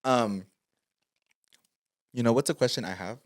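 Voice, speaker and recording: A man co-hosting a podcast, talking in a rambling, playful way as he searches for his words. His voice sits at a middling pitch for a man. The sound is close and dry, with no room echo. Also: unhurried. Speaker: podcast co-host. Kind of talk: casual chat.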